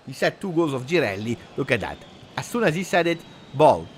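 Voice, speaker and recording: Excitable man calling a match. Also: mid-range voice, a little fast, slight background noise. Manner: excitable, shouts at big moments, drops Italian words. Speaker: football fan streamer. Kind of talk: live match watch-along commentary.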